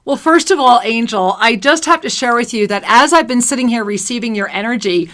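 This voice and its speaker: A woman's voice: on the high side, animated, a little fast, a bit bright. A woman co-hosting spiritual talk radio, effusive and sing-song, giving intuitive readings to callers. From New Jersey. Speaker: radio show co-host and intuitive reader.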